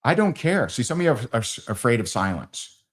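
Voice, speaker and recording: A man leading a live sales training, acting out both sides of sales calls in lively quoted dialogue. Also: medium pitch, brisk.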